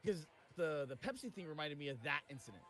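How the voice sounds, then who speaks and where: A woman's voice: low-pitched, animated, fast talker, fairly bright tone. A woman guesting on a casual game stream, giggling often and talking hesitantly, trailing off mid-thought.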